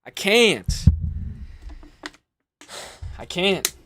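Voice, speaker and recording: A man's voice: sits high, very animated, extremely slow, background noise. A young man hosting a casual livestream, talking loosely with lots of swearing and exasperated, mocking asides to his chat. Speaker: livestream host.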